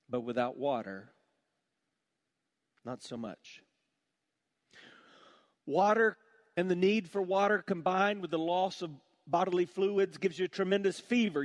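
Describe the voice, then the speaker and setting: A man preaching a sermon with passion, dropping to a hushed voice on heavy points. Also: sits high. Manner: impassioned, drops to a hush on heavy points. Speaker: pastor.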